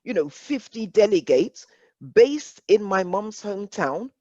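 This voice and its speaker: A woman with an English accent presenting an online workshop, measured and deliberate, repeating phrases for emphasis. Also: medium pitch, animated, mellow, no room sound, highs cut off.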